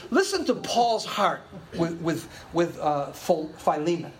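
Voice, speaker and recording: An older man preaching a sermon to his congregation, telling stories with chatty asides and frequent laughs, dropping to murmurs and rising to loud exclaims. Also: a little slow. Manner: animated storytelling, swings from low murmurs to loud exclaims. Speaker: pastor.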